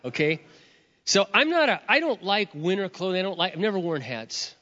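A middle-aged man preaching a sermon, telling a personal story in an expressive, animated way, his voice surging loud and dropping low. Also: a little fast. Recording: dull sound, long reverb of a hall.

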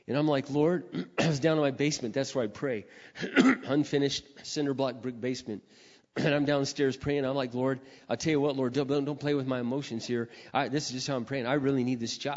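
An older man preacher telling a personal story in a sermon, acting out his prayers and phone calls with lively emotion. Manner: animated storyteller, acting out his own prayers with rising pitch. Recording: dull reverberant hall sound.

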